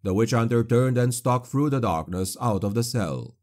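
A man reading a dark fantasy audiobook in a grave, measured narration. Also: mid-range voice, lively intonation.

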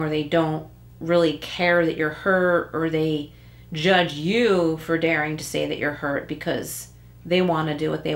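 A woman giving a casual tarot reading, chatty, with many likes and rhetorical rights, now and then acting out short quoted lines. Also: low-pitched. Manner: acts out little quoted lines. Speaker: tarot card reader.

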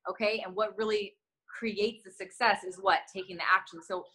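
Woman, podcast host, enthusiastic, bright voice, casual interview. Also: mid-range voice, fairly even intonation, moderate pace, husky, rough recording. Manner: enthusiastic, asks long rambling questions.

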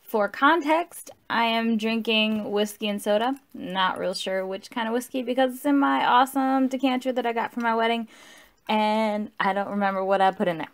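A woman's voice: a little high, normal speed. A tipsy woman rambling through a casual, profane book review and correcting herself as she goes.

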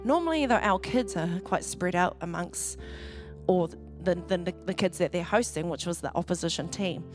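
A woman's voice: fairly low pitch, moderate pace, over music. A woman pastor gives a conversational sermon in a church hall, laughing often and acting out what people said. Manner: chatty, laughs often, acts out what others said.

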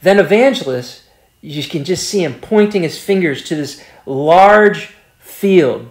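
A man leading a Bible study and retelling a story in an earnest, halting way, often repeating words as he restarts his sentences. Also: on the high side, animated, roomy sound. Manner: earnest, slows down for emphasis.

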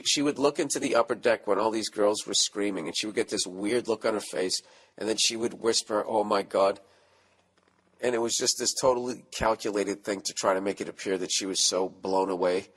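A man's voice: fairly low pitch, fairly bright tone, husky. A man hosting a comedy podcast, reading listener letters aloud and riffing on them with profane, sarcastic asides. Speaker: podcast host.

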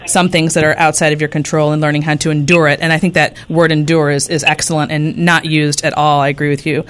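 Low-voiced woman hosting a radio talk show. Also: level tone, quick pace. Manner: hesitant, many ums and restarts, earnest. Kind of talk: radio interview.

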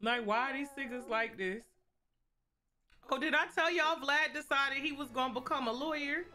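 A young woman riffing through a long gameplay stream, chatting to her viewers in loose, slangy banter. Her voice sits a little high and rings bright and forward. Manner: playful, slangy, quick jokes to chat. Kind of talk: casual gameplay commentary.

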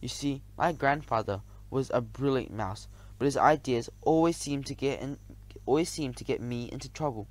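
A man narrating a children's audiobook in the first person, lively and expressive. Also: mid-range voice, moderate pace, no echo.

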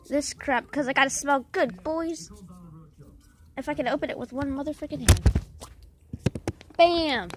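A woman's voice: sits high, lively intonation, unhurried, pauses often. A woman rambling and joking in a scattered, silly way while making a casual video. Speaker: video maker. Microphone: headphones on, yelling at times. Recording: noisy hiss behind voice.

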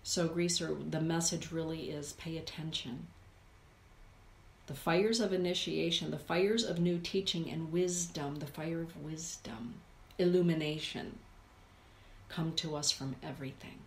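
A woman's voice: low-pitched, steady tone, a little slow, creaky, roomy sound. A woman hosting a live stream, reading oracle cards and reflecting aloud as she addresses her chat viewers by name. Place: indoor room with a forest view.

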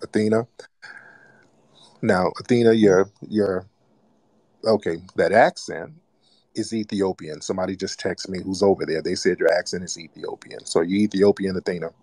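A man's voice: low-pitched, fairly even intonation, normal speed, a little mellow, dry recording. A man hosting a live call-in broadcast, mocking and scolding a caller. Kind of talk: casual call-in radio talk.

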